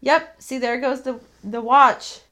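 A woman with a fairly high voice talks through a film in relaxed, casual chat. She makes crude, giggly jokes about the scenes. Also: takes it slowly. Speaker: podcast co-host. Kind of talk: casual movie commentary chat.

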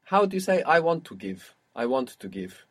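A man's voice: on the high side, sing-song, moderate pace. A man teaching a language lesson, patiently prompting a learner and confirming her answers.

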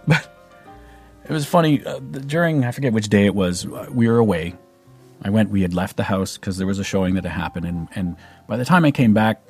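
A man's voice: lowish voice, darkish tone, husky. A middle-aged man with a Canadian accent, telling a personal story in a casual, rambling way with many fillers and restarts. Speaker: vlogger.

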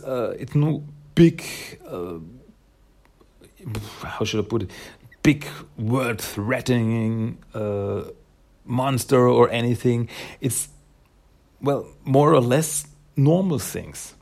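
A man's voice: medium pitch, slow pace, vocal fry, pauses often, a little mellow. A man casually reviewing a comic, rambling, with frequent hesitations. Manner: rambling, with frequent fillers and laughs.

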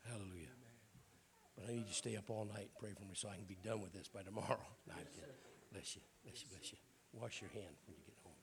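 Preaching as a guest in church, this middle-aged Southern man keeps his humorous sermon folksy and full of jokes, his American South accent plain to hear. He talks fast in a fairly low voice while crowd noise fills the background.

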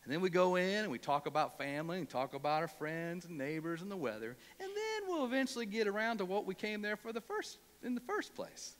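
A man putting on an easygoing older Southern preacher with a Southern US accent and a slow, folksy drawl. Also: high voice, big pitch swings, big-room sound.

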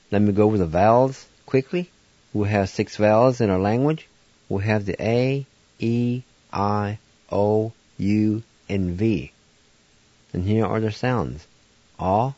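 A man's voice: lowish voice, warm tone, no room sound, highs cut off. A man giving a radio language lesson, patiently spelling words out syllable by syllable and pronouncing them. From Oklahoma, United States. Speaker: language teacher.

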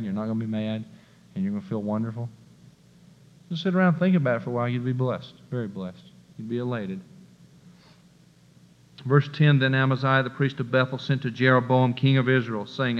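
Guy preaching a sermon, kinda high voice, goes quiet then loud, muffled lo-fi church hall recording. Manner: swings between hushed asides and loud preaching bursts. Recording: dull lo-fi recording with long hall reverb.

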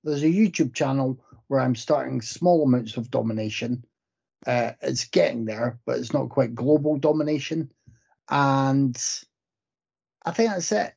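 A man's voice: mid-range voice, unhurried, vocal fry, a little mellow, slightly rough. A man co-hosting a podcast in casual, joking, self-mocking chat. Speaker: podcast co-host. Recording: muffled lo-fi audio.

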